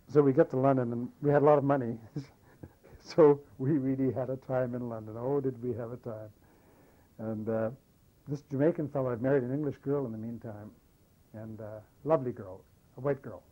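An older man recounting wartime memories in an oral history interview, a lively storyteller who acts out the dialogue. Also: medium pitch, normal speed, dull audio. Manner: lively anecdotal storyteller, animates quoted dialogue. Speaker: war veteran interviewee.

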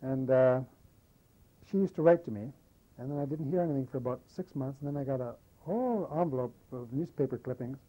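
An older man recounting wartime memories in an oral history interview, a lively storyteller who acts out the dialogue. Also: medium pitch, brisk, muffled recording. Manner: lively anecdotal storyteller, animates quoted dialogue. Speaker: war veteran interviewee.

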